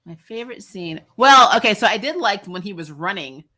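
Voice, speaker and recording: A woman chatting casually as a podcast guest, animated and ranting, laughing often. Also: mid-range voice, brisk.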